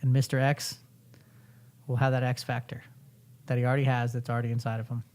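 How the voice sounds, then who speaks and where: Male podcast host, fervent profane coach, mellow warm voice. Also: medium pitch, flat delivery, brisk. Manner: intense, profane, fervent pep talk. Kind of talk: motivational coaching session.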